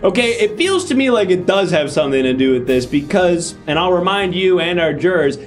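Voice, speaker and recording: A man's voice: sits high, lively intonation, brisk, soft background music. A man hosting an improvised comedy show as a judge, mock-stern and exasperated, often laughing. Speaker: host playing a judge. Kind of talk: improvised comedy role-play.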